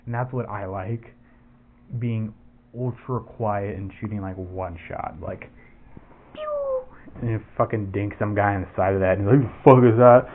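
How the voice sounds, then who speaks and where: A man's voice: fairly low pitch, fairly even intonation, moderate pace. A man casually demoing airsoft gear, rambling and swearing with lots of restarts. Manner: rambling and profane, with frequent restarts. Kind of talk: casual product demo. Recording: tinny phone-like audio with faint noise.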